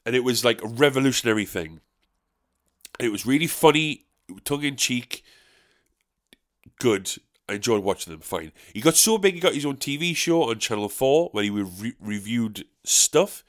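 A man from South Shields with a North East English accent, a stand-up comedian talking in a casual monologue, ranting and swearing with sharp, high-pitched outbursts of disbelief. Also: expressive, moderate pace. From South Shields, England.

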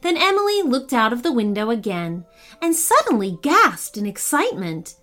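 A woman reading a storybook tale aloud as the host, with expressive, lively delivery. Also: on the high side, normal speed, soft background music. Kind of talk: scripted storybook narration.

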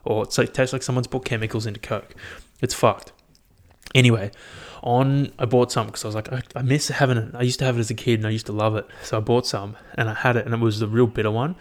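A young man talks casually into a headphone mic about the highlights of his year. He rambles, swears freely and laughs at his own anecdotes in an unpolished way. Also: little pitch movement, quick pace. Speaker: vlogger. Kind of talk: casual solo year-review chat.

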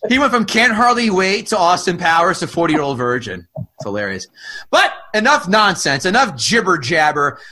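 A man's voice: high voice, very animated, moderate pace, sharp tone. A man co-hosting a podcast, chatting casually with playful jokes and teasing. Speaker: podcast co-host.

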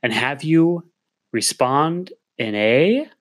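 A man's voice: medium pitch, animated, slow pace. A man co-hosting a podcast, teasing and joking in casual chat. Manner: teasing, plays host to his co-host's bits. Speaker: podcast co-host.

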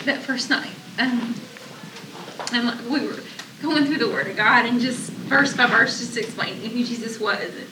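High-voiced woman in an echoey room. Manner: emotional, animated retelling with laughs. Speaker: church member. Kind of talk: casual sharing in a group. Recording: echoey room, mic far off, noisy.

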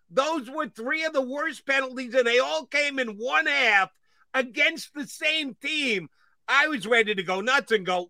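A man's voice: extremely high pitch, unhurried, gravelly, no echo. A middle-aged man hosting a sports talk show, ranting and getting worked up over referee calls. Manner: animated, gets worked up, ranting. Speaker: sports radio host.

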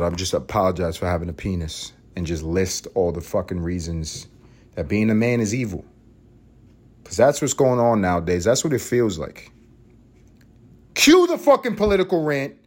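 A man from East Harlem hosting a podcast, delivering a crude, sarcastic comedic monologue that swings between loud mock outbursts and muttered asides. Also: on the low side. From East Harlem, New York. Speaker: podcast host.

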